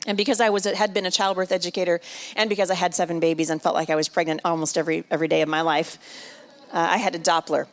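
A middle-aged woman giving a sermon at a women's retreat, telling a personal story. She moves between hushed and loud, repeats phrases for emphasis and jokes with the audience. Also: on the low side. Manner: emotional, builds from hushed to loud and back. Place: large room at a women's retreat.

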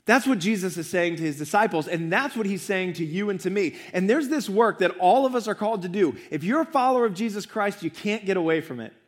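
A man's voice: high-pitched, lively intonation, fast talker, few pauses. A young adult man, a pastor, preaching a sermon in church, earnest and building emphasis through repetition.

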